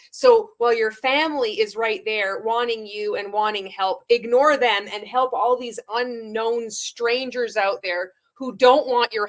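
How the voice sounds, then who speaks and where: A woman giving sarcastic reaction commentary, profane and mocking, laughing often and mimicking sales scripts. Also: mid-range voice.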